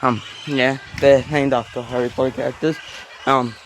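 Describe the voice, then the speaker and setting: A man's voice: mid-range voice, steady tone, normal speed, slight background noise. A man talking casually to a handheld phone camera as he walks around a zoo outdoors, rambling in a self-aware way with lots of filler words. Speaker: vlogger. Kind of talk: casual walking vlog.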